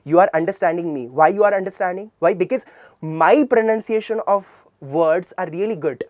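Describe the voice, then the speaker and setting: A man with a high voice and an Indian English accent speaks at normal speed in a dry recording. He is teaching communication skills in an earnest, classroom-like lecture, regularly answering the questions he puts forward.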